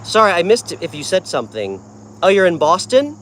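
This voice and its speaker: A New York man runs a casual live tarot stream, chatting in a friendly way as he answers viewers' comments. His high voice has a sing-song lilt, a slightly fast pace, and a bit of brightness, with a little hiss or hum underneath.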